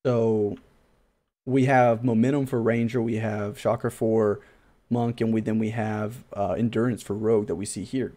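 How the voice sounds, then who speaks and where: A man's voice: fairly low pitch, fairly even intonation, moderate pace, mellow. A man hosting a casual gaming podcast, thinking aloud in a loose, rambling, self-deprecating way. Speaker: podcast host.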